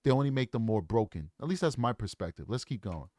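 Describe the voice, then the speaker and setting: A man's voice: on the low side, expressive, fast, darkish tone, no echo. A man in his forties giving casual, earnest commentary, lecturing and often repeating his points. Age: 40s. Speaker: true crime commentator.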